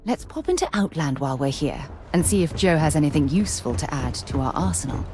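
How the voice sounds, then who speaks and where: A woman's voice: low-pitched, lively intonation, quick pace, a little mellow, slight background noise. An actress playing a composed, curious woman crew companion in a video game. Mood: calm. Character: calm female starship crew companion, curious and steady.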